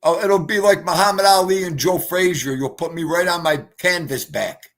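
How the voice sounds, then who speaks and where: Brash, profane New livestream host. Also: male voice, sits high, normal speed, fairly bright tone. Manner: brash, profane, greets chatters. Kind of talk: casual livestream chat.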